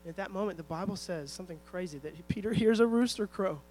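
A man's voice: sits high, quick pace, a little mellow, a little hiss or hum, rough recording. A man preaching a sermon, emphatic and storytelling, who often asks the congregation rhetorical questions. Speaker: pastor.

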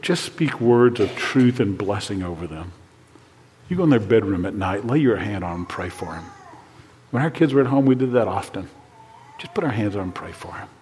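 An older man preaching a sermon to fathers, earnest and dropping to a hushed voice when praying. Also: on the low side, lively intonation, brisk, long reverb tail, a little hiss or hum. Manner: earnest, drops to a hushed voice for prayers. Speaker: pastor.

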